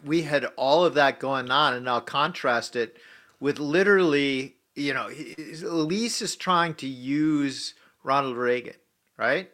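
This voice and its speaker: Bright emphatic male radio co-host. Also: mid-range voice, unhurried. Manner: emphatic, repetitive "right?" asides. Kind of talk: political talk radio commentary.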